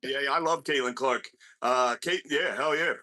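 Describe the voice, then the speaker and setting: A man's voice: medium pitch, moderate pace. Crude laughing man telling stories. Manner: crude, laughing, mock-yelling anecdotes. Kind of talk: casual podcast banter.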